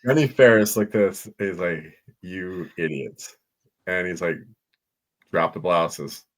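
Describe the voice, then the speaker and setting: A man's voice: low-pitched, slow pace. A man in casual chat as a podcast co-host, telling a story in a dry, blunt way with salty slang.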